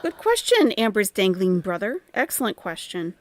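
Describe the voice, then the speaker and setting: A woman's voice: medium pitch, sing-song, normal speed, a little hiss or hum. A woman hosting a commentary show, cutting in with dry, sarcastic quips. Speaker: commentary channel host.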